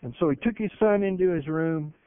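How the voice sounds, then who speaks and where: Speaking a little fast in a smooth, high-pitched voice, this man preaches a sermon with emphasis and animated storytelling. There's no room sound; the recording is dry, tinny and phone-like.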